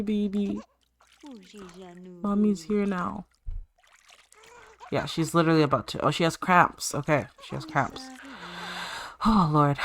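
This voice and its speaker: A woman's voice: low-pitched, fairly bright tone. Chatty woman narrating her life-sim game. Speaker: gaming channel host. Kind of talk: let's-play commentary.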